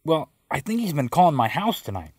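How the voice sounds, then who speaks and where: A man's voice: a little high, big pitch swings, a little fast, darkish tone, breathy edge, no echo, pitched above the performer's own voice. A man voicing a clueless, bumbling middle-aged man who talks in a plodding, puzzled way. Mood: insistent.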